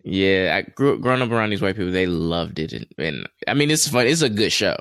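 A man co-hosting a casual podcast, relaxed and rambling with many fillers. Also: low-pitched, a little fast, dry recording, studio quality. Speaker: podcast co-host.

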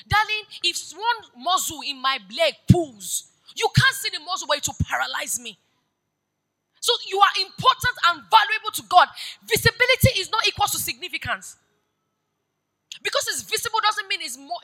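A female pastor delivers a sermon with a high voice, shifting from quiet storytelling to loud, urgent exhortation. The audio quality is poor.

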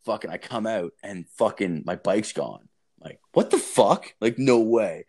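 A man's voice: lowish voice, expressive, unhurried, a little mellow, husky. A young man telling a long, profane, rambling story in casual chat.

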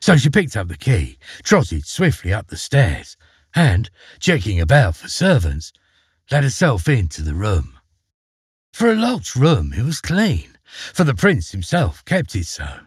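A man narrating a fairy tale with dramatic, expressive delivery. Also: on the low side, measured pace, husky, no room sound, studio quality. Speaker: storyteller. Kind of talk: storybook narration.

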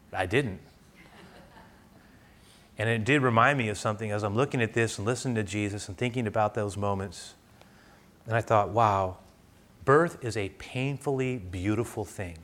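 A middle-aged pastor with a bright, forceful voice gives a conversational sermon. His storytelling is animated, with bursts of loud excitement, and then he drops low and quiet to pray.

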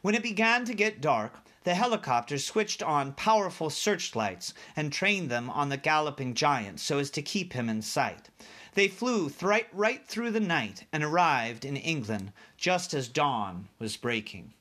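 A man reading a children's book chapter aloud like a teacher, animated and speaking directly to young listeners. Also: on the high side, a little slow.

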